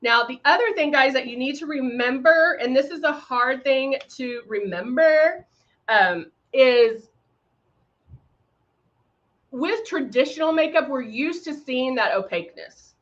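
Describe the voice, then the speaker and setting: A woman's voice: high voice, expressive, a little slow, fairly bright tone. A woman hosting a live makeup tutorial, chatting with viewers and greeting them by name between steps, with frequent fillers. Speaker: makeup demonstrator hosting a livestream. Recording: slightly dull livestream audio.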